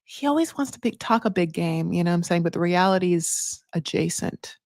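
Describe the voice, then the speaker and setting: A woman's voice: on the low side, expressive, fast talker, a little mellow, dry recording, clean studio sound. A woman hosting a casual reality TV recap, chatty and sassy, swearing freely and calling people honey. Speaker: TV recap host.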